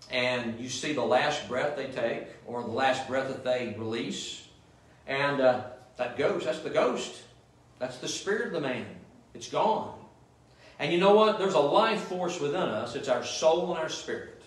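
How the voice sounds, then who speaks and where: Man, pastor, call-and-response sermon, echoey room, heard from far off. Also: mid-range voice. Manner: call-and-response preaching, asking the congregation "Amen?". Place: church sanctuary. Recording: echoey church room, mic at a distance.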